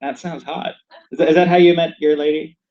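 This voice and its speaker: A man from Saint Louis rambles through a joking podcast chat in a fairly high voice, jumping into excited voices for his stories. The sound is muffled and lo-fi, taped inside a yurt. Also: a little fast, creaky. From Saint Louis, USA. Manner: animated, rambling, acts out quotes in high voices. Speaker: podcast co-host. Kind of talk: casual comedic chat. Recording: lo-fi, dull recording.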